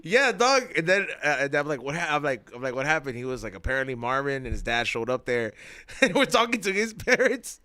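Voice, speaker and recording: A man on a casual podcast telling a long, animated story, full of slang and laughter. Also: medium pitch, fairly quick, clean tone, dry recording, clean studio sound.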